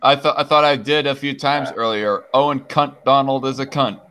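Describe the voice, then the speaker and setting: A man's voice: medium pitch, steady tone, normal speed, bright, forceful tone, slight background noise. A man hosting a casual online group chat, talking brashly and profanely.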